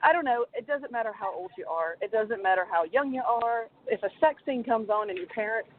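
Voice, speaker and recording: A woman in her thirties, a podcast co-host, telling an animated, self-deprecating story in casual chat. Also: fairly high pitch, brisk. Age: 30s. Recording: tinny phone line with faint hiss.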